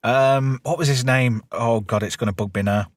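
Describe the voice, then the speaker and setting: A man hosting a casual live-stream chat, swearing freely and laughing loudly as he reads out viewer comments. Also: mid-range voice, normal speed. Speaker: podcast host.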